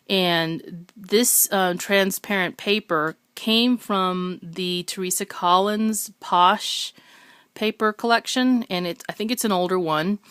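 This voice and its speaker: A woman with a smooth, lower-pitched voice talks through her craft work at a table. Her speech is chatty and full of ums, and she corrects herself often. The sound is close and dry. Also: fairly bright tone, no room sound. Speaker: craft video maker. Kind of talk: casual show-and-tell.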